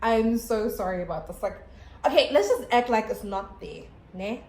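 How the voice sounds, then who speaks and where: A young South African woman telling a storytime vlog to her camera at home, chatty and animated with lots of fillers and restarts. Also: a little high, normal speed, a little hiss or hum. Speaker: YouTuber. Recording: echoey room.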